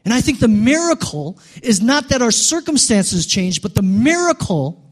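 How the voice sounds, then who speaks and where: A male pastor preaching a sermon, building to loud, emphatic peaks and dropping quiet again. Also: very high voice, very animated, moderate pace, husky.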